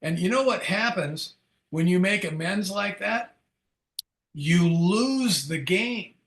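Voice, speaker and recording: A man's voice: high voice, lively intonation, slow pace, vocal fry, fairly bright tone, roomy sound. An older man giving a candid recovery talk at a Big Book study, telling stories and acting out the dialogue in them. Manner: candid storytelling, acts out quoted dialogue.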